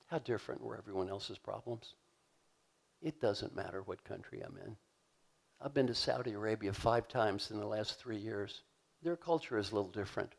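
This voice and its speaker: A man giving a live leadership seminar in a large conference hall, energetic and joking as he leads the audience in call-and-response. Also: lowish voice, normal speed, creaky. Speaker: leadership coach and keynote speaker. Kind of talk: live motivational seminar talk.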